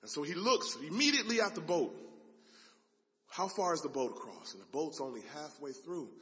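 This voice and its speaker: Guy preaching a story, gets loud then goes quiet, echoey big hall. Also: a little high, animated, moderate pace. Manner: dramatic, swings from loud to hushed. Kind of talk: sermon storytelling. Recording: long hall reverb.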